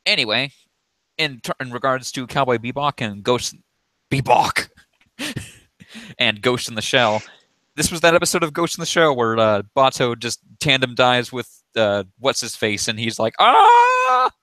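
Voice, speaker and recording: A man chatting casually on a podcast, lively, laughing often and throwing in quick asides. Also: medium pitch, no echo.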